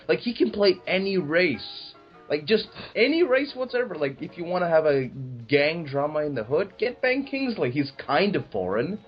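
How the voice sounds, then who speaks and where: A young man in casual film review chat, profane and riffing with mocking asides, husky voiced. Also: fairly high pitch, big pitch swings, moderate pace, highs cut off, soft background music. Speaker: podcast co-host.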